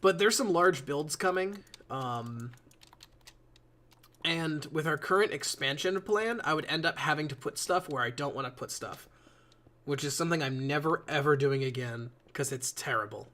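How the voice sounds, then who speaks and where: A man's voice: a little high, lively intonation, normal speed, sharp tone. A man chatting casually to his viewers while building in a game, rambling and swearing as he goes. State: yawning a lot. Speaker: live streamer. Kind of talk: casual live-stream commentary while building.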